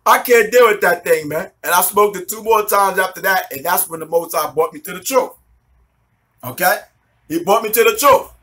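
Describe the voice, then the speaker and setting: New guy in his 40s, high bright voice, street slang testimony, laughs a lot. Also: normal speed. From New York City. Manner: swears a lot, street slang, keeps asking if you follow; laughs often while telling the story. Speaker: minister giving a testimony. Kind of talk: animated storytelling testimony.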